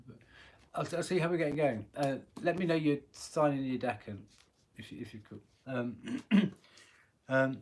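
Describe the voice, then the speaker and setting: A man with a husky voice giving a live tarot reading, chatty and rambling, often clearing his throat. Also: medium pitch, normal speed. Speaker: tarot reader.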